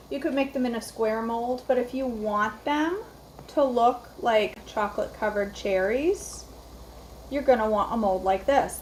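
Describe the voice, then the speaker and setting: A woman's voice: mid-range voice, slight background noise, rough recording. A woman hosting a live cooking stream, chatty and rambling, greeting viewers by name from her home kitchen. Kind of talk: casual live-stream chat.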